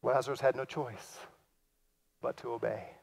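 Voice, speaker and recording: A man preaching a sermon, acting out quoted lines and swinging from loud cries to hushed, near-whispered passages. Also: medium pitch, normal speed, gravelly, slight background noise. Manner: acts out quoted lines in lively voices. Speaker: pastor.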